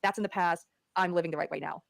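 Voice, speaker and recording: A woman talking very fast and earnestly in a rather low voice, often restarting her sentences. The sound is close and dry. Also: fairly even intonation, vocal fry, no room sound. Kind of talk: conversational podcast talk.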